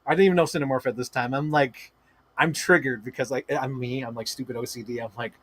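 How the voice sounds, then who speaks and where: A man hosting a livestream, talking in excited, rambling casual chat full of swearing and filler words. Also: mid-range voice, fast, no echo. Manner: gushing, profane, rambling with many "like" fillers. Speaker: livestream host.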